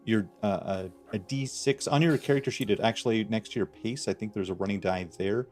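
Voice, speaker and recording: Male game master, low-pitched, relaxed and rambling, faint music bed. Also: a little fast. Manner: relaxed, laughing, filler-heavy narration. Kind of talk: running a tabletop game online.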